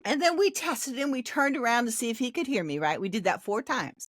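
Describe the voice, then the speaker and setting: Lively, animated older woman pastor telling a story. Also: on the high side, brisk, no room sound, clean studio sound. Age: 60s. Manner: animated storyteller acting out quoted voices. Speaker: pastor and podcast guest. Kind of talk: storytelling testimony in casual interview.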